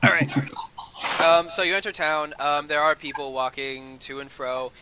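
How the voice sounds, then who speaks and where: A man's voice: a little high, little pitch movement, moderate pace, background noise. A man narrating as game master in a casual tabletop game, hesitant and full of ums.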